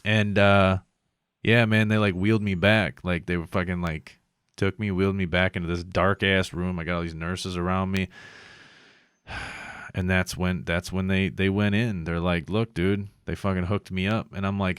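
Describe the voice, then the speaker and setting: A man's voice: low-pitched, little pitch movement, moderate pace, fairly bright tone, clear, resonant tone, dry recording, studio quality. A man co-hosting a casual podcast, telling a rambling, profane story about a hospital visit. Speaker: podcast co-host.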